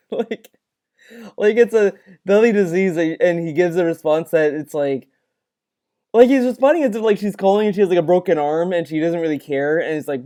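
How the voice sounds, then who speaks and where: A man giving reaction commentary on a clip, rambling and halting with many restarts and fillers. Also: on the high side, animated, dark tone. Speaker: commentary video host.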